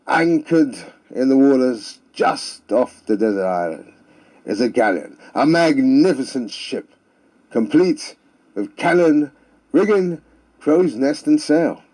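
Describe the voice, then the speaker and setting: A man's voice: mid-range voice, dark tone. A man telling comic stories and jokes in a theatrical manner with sing-song refrains. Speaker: storyteller. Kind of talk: comic storytelling.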